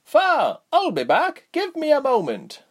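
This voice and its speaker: Man putting on a restless young tavern lad, high strained voice, loud and urgent, storybook reading. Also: huge pitch swings, unhurried, full character voice. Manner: urgent, raised, calling out. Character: young man, inn worker, restless and eager.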